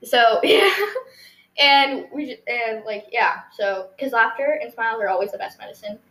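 Teen girl podcast host, bright high voice, giggly and rambly, echoey room. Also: expressive, moderate pace, a little hiss or hum. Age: teens. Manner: giggly, rambling, lots of fillers. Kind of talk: casual storytelling chat.

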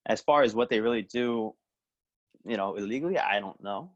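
A man's voice: lowish voice, normal speed, muffled recording. A man who works as a police officer, chatting easily on a podcast and telling stories. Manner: easygoing, storytelling with acted quotes. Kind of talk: casual podcast chat.

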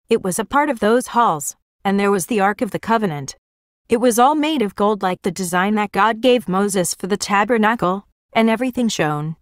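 Woman, middle pitch, earnest plain storytelling, religious vision testimony, dry close recording. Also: no room sound.

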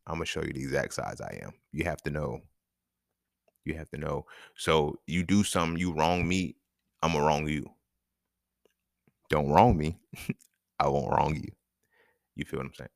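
Male podcast host, low and animated, blunt and profane, dry close sound. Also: vocal fry, no echo. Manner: chuckles between points. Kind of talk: casual monologue.

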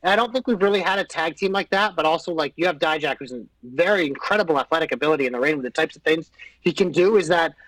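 High-pitched, profane chatty man. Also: quick pace, no room sound, poor audio. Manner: profane, animated opinions. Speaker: podcast co-host. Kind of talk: casual chat about pro wrestling.

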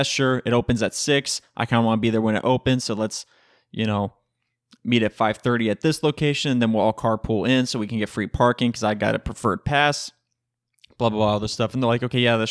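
A man's voice: medium pitch, no echo. Chatty young man telling stories, dry. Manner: chatty, laughs often, swears casually, acts out quoted friends. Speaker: podcast host. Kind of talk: casual solo storytelling.

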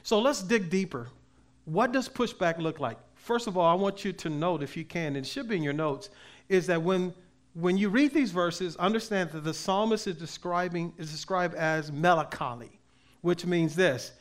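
A man preaching a sermon as pastor, with emphatic delivery that swings between loud and soft and slow readings of scripture. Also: sits high. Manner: reads scripture aloud slowly.

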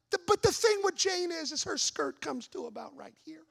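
Pastor guy preaching, really high voice, tells a story and keeps asking the crowd questions. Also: moderate pace, vocal fry. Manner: animated storytelling with voiced asides; rhetorical questions to the congregation. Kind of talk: sermon.

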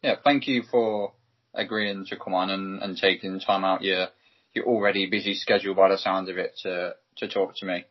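A man hosting a podcast, speaking in a hesitant, halting way as he wraps up the interview. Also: sits low, fairly even intonation. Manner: hesitant, halting, with fillers and restarts. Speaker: podcast host. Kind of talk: casual interview wrap-up. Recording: dull lo-fi podcast audio.

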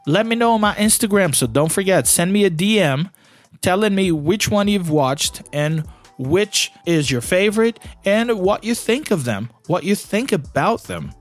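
A man's voice: high-pitched, very animated, moderate pace, soft background music. A man hosting a podcast, speaking English as a second language in a casual, chatty way full of "you know". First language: not English. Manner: conversational, heavy use of "you know". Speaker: podcast host. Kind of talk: casual solo podcast talk.

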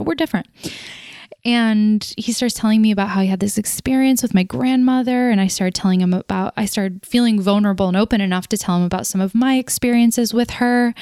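A woman talks through a loose, reflective monologue as host, drifting off on tangents and laughing at her own remarks. Her voice is smooth and clear. It is recorded close and dry, with no room sound. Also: medium pitch, a little mellow, no room sound. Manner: rambling, goes off on tangents; laughs at herself.

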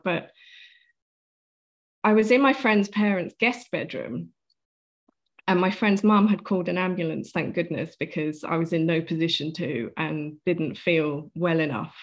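A woman speaks as an interview guest in a somewhat low voice. She recounts her story earnestly and vividly, slipping into the voices of the people she quotes. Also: vocal fry, dull audio.

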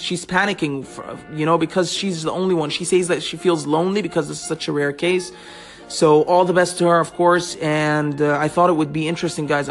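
A man hosting a casual talk show, chatting animatedly and often addressing his listeners as guys. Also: fairly high pitch. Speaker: host.

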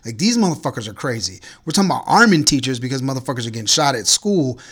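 Male podcast host, casual chat, profane, incredulous, mid-pitched voice. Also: expressive, quick pace, a bit bright, breathy edge.

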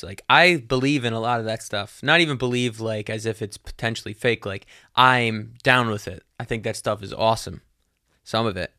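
Young guy rambling solo on his podcast, lowish smooth voice, dry close sound, lots of "like"s and some swearing. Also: pushed and bright, no room sound. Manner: rambling, many fillers, swears casually. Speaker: podcast host. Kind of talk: casual solo monologue.

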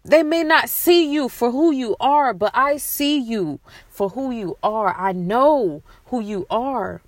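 Woman, podcast host, unhurried heartfelt affirmations, emotional at times, raised pitch, dry close sound. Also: expressive, no room sound. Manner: slow, repetitive, soothing affirmations. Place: outdoors at night.

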